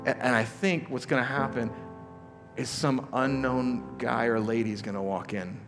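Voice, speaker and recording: A man's voice: mid-range voice, fairly even intonation, normal speed, creaky. A male pastor giving a conversational sermon to his church, full of rhetorical questions and casual asides. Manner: casual, questioning, with many asides and repeated starts. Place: church auditorium. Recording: live church hall reverb with soft music.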